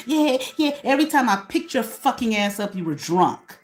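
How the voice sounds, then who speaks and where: A woman's voice: medium pitch, sing-song, normal speed, few pauses, faint music behind. A woman hosting her own small channel, ranting at someone in a profane, confrontational way and putting questions to herself. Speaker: channel host. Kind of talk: ranting to camera.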